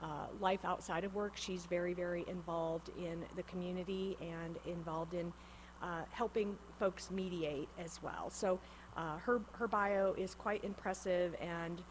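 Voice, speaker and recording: A woman's voice: lowish voice, fairly even intonation, a little slow, slight background noise, poor audio. A woman, a state senator, introducing a nominee at a hearing in a conversational way with many fillers. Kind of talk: formal remarks. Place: legislative hearing room.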